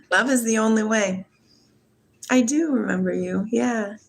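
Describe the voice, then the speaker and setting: A woman's voice: fairly high pitch, slow, vocal fry, breathy edge. A woman in her forties from Washington state, musing casually and reflectively about spirituality while answering a livestream chat, laughing often. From Washington state, USA. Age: 40s.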